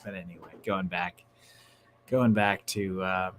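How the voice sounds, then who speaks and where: A man hosting a casual livestream, chatting excitedly and tossing in slang like "dude" and "bro". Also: low-pitched, measured pace, slight background noise. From Northern California. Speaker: livestream host.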